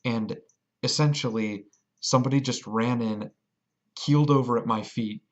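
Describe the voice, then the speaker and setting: A man rambles through a story about a game in a casual vlog, excited and easily sidetracked. His voice sits at an ordinary middle pitch. The recording sounds dull and lo-fi, like a home setup. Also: moderate pace. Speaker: vlogger.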